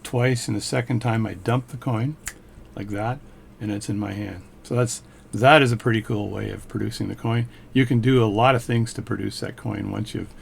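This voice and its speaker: Gravelly low-voiced man teaching coin magic. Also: steady tone, moderate pace, slight background noise. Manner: chatty, demonstrates step by step. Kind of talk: casual hands-on tutorial.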